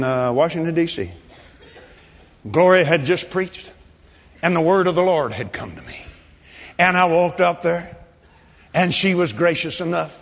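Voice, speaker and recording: An older man preaching a sermon, quoting scripture and telling a testimony, at times shouting praise. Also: on the high side, big-room sound.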